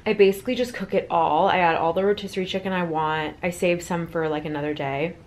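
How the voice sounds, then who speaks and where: A fast-talking young woman with a fairly low, steady voice vlogs at home, in the kitchen and indoors, with a slight hiss or hum on the audio. Her lifestyle chat is relaxed, self-deprecating and loaded with fillers.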